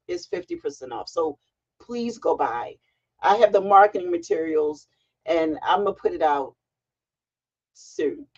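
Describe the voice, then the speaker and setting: A middle-aged woman hosting a casual livestream from home, chatty and excitable as she greets viewers. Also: lowish voice, breathy edge. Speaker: livestream host. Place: home, sitting on a heating pad. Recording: dull lo-fi livestream audio.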